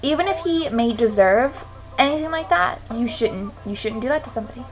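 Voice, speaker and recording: Teen girl vlogger, fed-up rant, cursing freely, a touch high-pitched, faint music behind. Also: expressive, a little fast, poor audio. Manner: frustrated, swearing rant. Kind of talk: ranting to camera.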